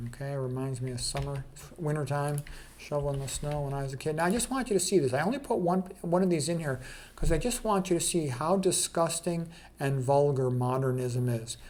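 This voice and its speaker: A man's voice: on the high side, a little fast, darkish tone, slight background noise. A man casually presenting an art slideshow, blunt and emphatic, with frequent "okay" and "you know".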